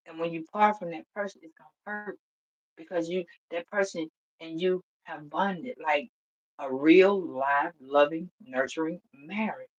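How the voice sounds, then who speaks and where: A woman giving a casual spiritual reading, blunt, profane and animated, laughing often. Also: low voice, measured pace, dull audio. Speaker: tarot reader.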